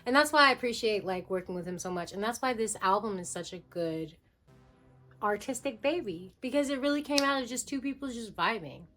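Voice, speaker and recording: A young woman musician talking casually to camera about making her album, full of fillers and quick asides. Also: on the high side, animated, a bit bright, faint music behind. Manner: chatty, filler-heavy, jumps into quoted voices.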